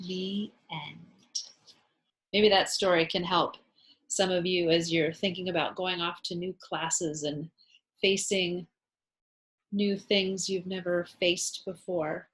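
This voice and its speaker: A woman teacher reading a rhyming picture book aloud to children, expressive and asking them questions. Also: fairly low pitch, low-quality recording. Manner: slow, expressive, asks listeners questions. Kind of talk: children's storybook read-aloud.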